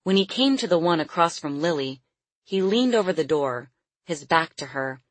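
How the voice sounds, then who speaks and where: A woman narrating an audiobook in a steady, measured way. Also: deep voice, no room sound.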